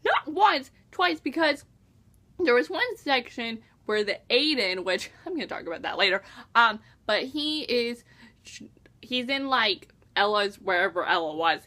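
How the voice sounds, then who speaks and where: A young woman excitedly reviewing a book in a casual vlog, gushing and acting out her own reactions. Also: a little high, measured pace. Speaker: book vlogger.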